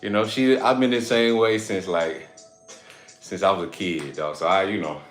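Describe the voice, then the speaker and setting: A man in his thirties chats loosely on his live stream, rambling and breaking into laughter as he talks. His voice sits fairly low. The room is roomy and echoey, with faint music playing behind him. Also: steady tone, normal speed. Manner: rambling, playful, laughs often. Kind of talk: casual live-stream chat.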